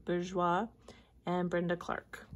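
A woman reading a children's picture book aloud in a clear, measured storytelling voice. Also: lowish voice, completely flat delivery, slight background noise. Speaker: storybook reader.

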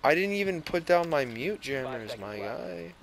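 A young man chatting casually over a headset while playing an online shooter, excitable, swearing and trash-talking. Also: on the high side, moderate pace, vocal fry. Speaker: gamer. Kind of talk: casual gaming chat.

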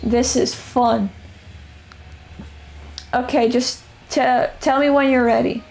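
A young woman streaming a survival game, her voice going hoarse as she rambles and narrates her moves with casual swearing. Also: on the high side, fairly even intonation, takes it slowly, darkish tone. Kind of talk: casual live-stream chatter.

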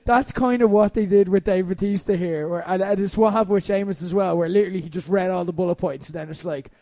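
A young adult Irish man hosting a comedic wrestling podcast, telling animated stories with casual swearing and frequent laughter. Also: high voice, quick pace, no room sound. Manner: animated storyteller, swears freely, laughs often.

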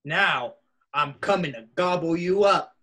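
A man's voice: a little high, expressive, unhurried, sharp tone. A man voicing a mean, ugly male troll who threatens to gobble up the goats in a storybook reading. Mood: threatening.

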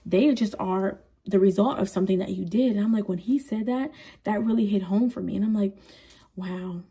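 Husky, mellow-voiced woman, earnest and rambling vlogger talking to camera. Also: mid-range voice, a little fast. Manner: earnest, rambling, with frequent "you know" asides. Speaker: parenting vlogger. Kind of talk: candid personal talk to camera.

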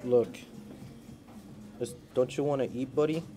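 A man vlogging in an indoor animal cafe, talking into a handheld phone and coaxing the animals in an excited, playful voice. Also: mid-range voice, measured pace. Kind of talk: casual vlog talk. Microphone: handheld phone camera.

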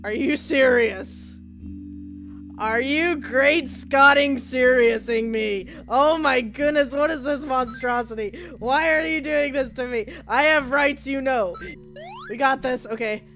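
A woman's voice: high voice, measured pace, fairly bright tone, soft background music. A woman commenting as she plays a horror game, joking along and shrieking at the scares. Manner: jumpy, shrieks at scares, jokey banter. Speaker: video game player.

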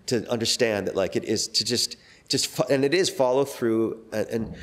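A man's voice: mid-range voice, moderate pace, fairly bright tone. A middle-aged man, a guest actor, talking casually in an interview, rambling with many fillers and restarts.

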